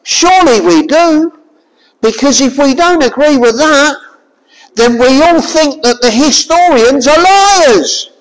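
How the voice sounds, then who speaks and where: A high, lively voice preaches a sermon at an unhurried pace. The delivery is forceful and full of rhetorical questions, now and then rising to a shout. The sound rings with the long reverb of a large hall. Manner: emphatic, fires rhetorical questions at listeners; forceful, raises voice to a shout at times.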